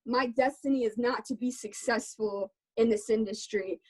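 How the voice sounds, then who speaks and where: A woman's voice: fairly high pitch, fairly even intonation, moderate pace, slightly rough, rough recording. A young adult woman speaking in an interview, talking earnestly and from the heart. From Texas. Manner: earnest, heartfelt, faith-centered. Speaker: guest musician. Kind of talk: candid interview talk.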